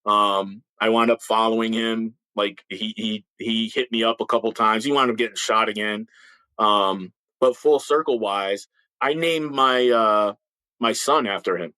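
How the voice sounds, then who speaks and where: A former police officer in his fifties, with a slight lisp, relates blunt, emphatic stories in an interview, restarting a lot and repeating words as he begins sentences. His voice sits on the low side, fairly even and a little slow, pushed and bright, clear and resonant. There's no room sound, but the recording is low quality.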